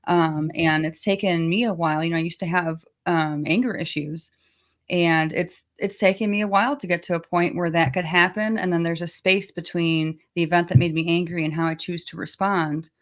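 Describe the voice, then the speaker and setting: Low-voiced woman sharing openly. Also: steady tone, normal speed. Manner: open, personal, thoughtful, soft-spoken. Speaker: recovery coach, livestream co-host. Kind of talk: casual livestream Q&A talk.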